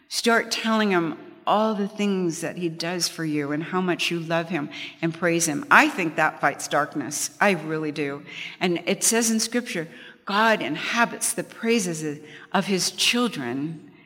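A woman's voice: on the low side, unhurried, fairly bright tone, in a large hall. A middle-aged woman giving a conversational Bible teaching, telling personal stories with chatty restarts. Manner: chatty storytelling, frequent restarts, light laughs.

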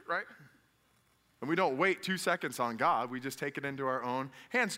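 A man, a father, preaching a conversational sermon, putting questions to the congregation and jumping to loud emphatic peaks. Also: mid-range voice, moderate pace. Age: adult father. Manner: talks directly to the congregation with questions.

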